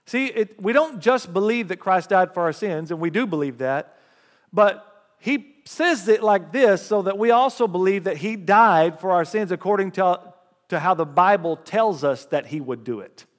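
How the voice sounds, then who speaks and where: A man preaching a sermon, reading scripture aloud with rising emphasis and lively call-and-response asides to the congregation. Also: sits high, normal speed. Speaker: pastor. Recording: long hall reverb.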